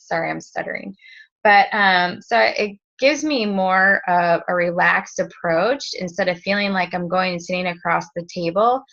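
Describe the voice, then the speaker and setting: A woman in her thirties with a low-pitched yet bright, forward voice gives a casual sales-training talk. She rambles and fills with "um" and "you know", restarting her sentences often. The sound is dull and lo-fi. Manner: rambling, lots of fillers and restarts. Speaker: direct-sales team leader. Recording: dull lo-fi recording.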